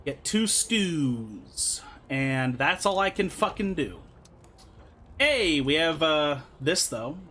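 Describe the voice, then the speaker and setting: A man's voice: a little high, big pitch swings, slow pace, sharp tone, slight background noise. A young man streaming a strategy game, commenting in a loose, exasperated way with lots of swearing. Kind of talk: let's-play commentary.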